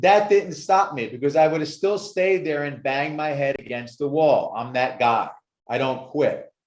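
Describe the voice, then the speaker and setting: An addictions success coach shares his story on a podcast interview, speaking with animated, emphatic energy in a slightly high voice. The room gives the recording a noticeable echo.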